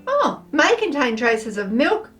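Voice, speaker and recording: A woman vlogger chatting her way through a taste test, expressive and playful, thinking aloud as she tries each snack. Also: high voice, measured pace, faint music behind. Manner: playful, with frequent laughs.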